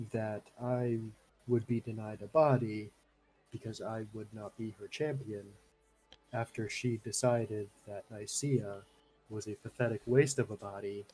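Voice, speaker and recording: A man's voice: lowish voice, warm tone, rough recording. A man speaking as his character in a tabletop game, hesitant and wry with rambling asides. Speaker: player. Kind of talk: in-character tabletop role-play.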